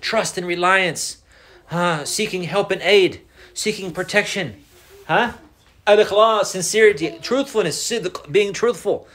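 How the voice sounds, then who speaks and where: A man's voice: high-pitched, unhurried, a bit bright. A man teaching a religious class, repeating his points, mixing in Arabic phrases and asking students questions. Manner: mixes Arabic phrases into English. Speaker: Islamic teacher. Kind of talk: classroom lesson.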